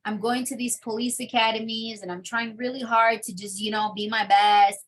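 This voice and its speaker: A young adult woman telling her personal testimony in an interview, in a casual, animated storytelling manner. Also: on the high side, moderate pace. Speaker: interview guest.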